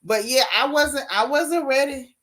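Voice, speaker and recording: Bright-voiced chatty woman host. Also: high-pitched, measured pace. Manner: animated, talks straight to her chat with "y'all", "baby" and "honey". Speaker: host of a gossip talk stream. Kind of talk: casual live-stream chat reading comments.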